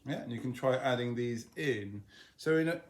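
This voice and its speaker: A man's voice: mid-range voice, normal speed, soft background music. A man teaching a violin piece, explaining things patiently in a mid-range voice. He often breaks into singing bits of the melody on nonsense syllables before going back to plain explanation. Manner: relaxed and explanatory, often sings phrases of the tune on nonsense syllables. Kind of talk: instructional lesson video.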